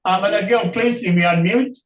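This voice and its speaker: Slow, earnest participant, distant mic, roomy echo on call audio. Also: mid-range voice. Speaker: participant and moderator. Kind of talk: reflective casual talk.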